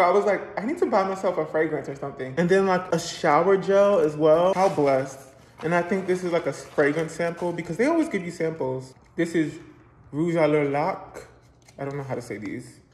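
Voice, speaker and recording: Young guy vlogging, kinda high voice, chatty and emotional, roomy echo with a bit of hiss. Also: normal speed. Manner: chatty, emotional, exclaims and laughs often. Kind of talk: casual diary vlog. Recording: roomy echo, faint noise.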